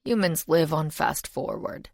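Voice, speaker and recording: A woman's voice: deep voice, lively intonation, unhurried, gravelly, no room sound, full character voice. A woman voicing an urbane, genial old demon. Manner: polite, dry, gently world-weary. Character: genial ancient male demon, urbane, chain-smoking.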